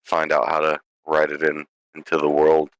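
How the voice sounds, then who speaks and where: A man chatting as a tabletop game player, joking and teasing, quick to laugh. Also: a bass voice, monotone, fairly bright tone, dry recording. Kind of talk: casual podcast chat.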